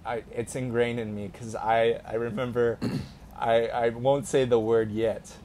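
A man's voice: mid-range voice, little pitch movement, unhurried, a little mellow, a little hiss or hum. A young man co-hosting a casual podcast, telling a story in a rambling way with many fillers and restarts. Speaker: podcast co-host.

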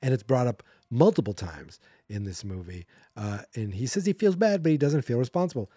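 A man's voice: medium pitch, lively intonation, brisk, mellow, breathy edge, no room sound, clean studio sound. A man hosting a podcast, recapping a movie in a casual, sarcastic and rambling way. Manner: sarcastic, rambling, acts out character quotes. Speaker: podcast host.

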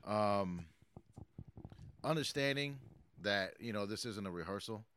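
A man's voice: fairly low pitch, lively intonation, a little slow, a bit bright, slight background noise. A man in his late thirties, a hip-hop artist giving an interview, talking casually with lots of swearing and fillers. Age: 30s. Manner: profane, emphatic, rambling motivational.

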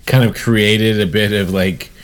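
A man co-hosting a casual podcast chat, halting and restarting his sentences. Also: on the low side, fairly even intonation. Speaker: podcast co-host.

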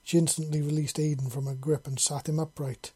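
Husky, mellow amateur story reader. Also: mid-range voice, flat delivery, a little fast. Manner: unpolished reading with slips and self-corrections. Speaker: narrator. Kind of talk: reading fan fiction aloud.

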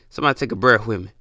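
A man's voice: fairly low pitch, sharp tone, dry recording, studio quality. A young man ranting in a blunt, profane, slangy monologue, repeating himself for emphasis. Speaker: podcast host. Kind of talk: casual monologue rant.

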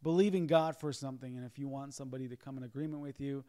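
A man's voice: medium pitch, steady tone, rapid-fire, warm tone, dry recording. A man co-hosting a ministry podcast, earnestly encouraging viewers. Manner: earnest, encouraging, repeats himself. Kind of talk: casual ministry talk, appeal to viewers.

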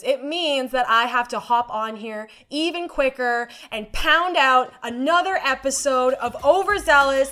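A young woman hosting her own podcast, telling stories in an animated way, swearing freely and saying "like" often. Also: high voice, normal speed, hardly any pauses. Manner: animated, swearing storyteller with frequent "like". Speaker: podcast host. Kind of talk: casual solo podcast monologue.

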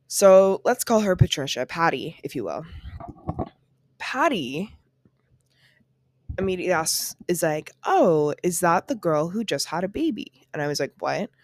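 A woman's voice: sits low, dry recording, clean studio sound. A young woman telling a story to her podcast listeners at home, loose and profane, full of "like" and laughing asides. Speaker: podcast host. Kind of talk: casual solo storytelling.

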